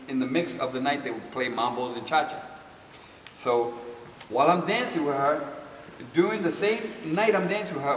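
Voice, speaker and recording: An older man, a dance teacher, tells a story with lively, laughing energy and a voice on the high side, imitating the people he quotes. He sounds far from the mic, echoing through a large hall over a steady wash of background noise.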